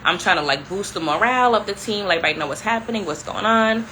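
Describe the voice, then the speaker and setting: A young adult woman vlogs to her viewers in a casual, storytelling chat. Her voice is bright and forward, and her delivery is animated and conversational, full of "like" and asides to y'all. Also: mid-range voice, quick pace, a little hiss or hum, poor audio. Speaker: vlogger.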